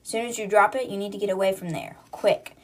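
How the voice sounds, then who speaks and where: A woman voicing a steady, tactical man in a casual book recap, giving clipped, matter-of-fact orders. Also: mid-range voice, fast, lightly acted.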